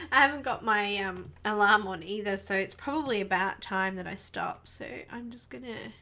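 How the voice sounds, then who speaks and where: A woman hosting a live coloring stream, murmuring quietly to herself as she works and chatting casually with viewers. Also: medium pitch, moderate pace. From Australia. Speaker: livestream host.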